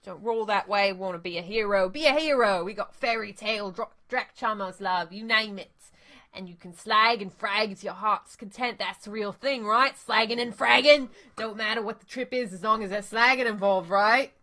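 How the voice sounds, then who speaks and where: A woman's voice: a little high, normal speed, hardly any pauses, sharp tone. A woman voicing a pushy male street dealer in a video game, with a vaguely Australian twang. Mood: hustling.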